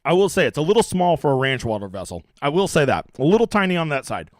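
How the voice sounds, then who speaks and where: A young man talks fast and brashly, his pitch leaping around as he rambles through profane strategy talk. His voice sits a little high for a man. The sound is dry and close, with no room echo. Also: sing-song. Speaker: fantasy sports streamer.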